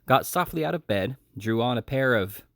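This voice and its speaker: A man's voice: medium pitch, expressive, normal speed, fairly bright tone, dry recording, clean studio sound. A man reading the lines of a pompous middle-aged male butler in an audiobook, telling his tale with boastful drama.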